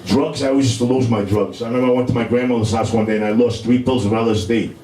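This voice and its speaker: A man's voice: medium pitch, fairly even intonation, fast, dark tone, recorded from a distance. A middle-aged man with a New York accent doing a rambling stand-up comedy set to a live club audience, peppering everything with "you know". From Brooklyn, New York. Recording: echoey club room with noisy ambience.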